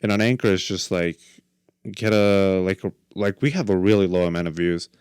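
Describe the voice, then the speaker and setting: A Mexican man in his twenties hosts a podcast solo, rambling casually with many fillers and jokes. His voice is low, smooth, and darkish at a moderate pace, recorded at studio quality with no echo.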